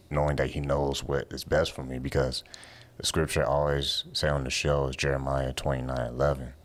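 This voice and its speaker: Casting note: man, very low and monotone voice, earnest encouraging guest. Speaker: radio show host guest. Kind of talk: conversational podcast interview.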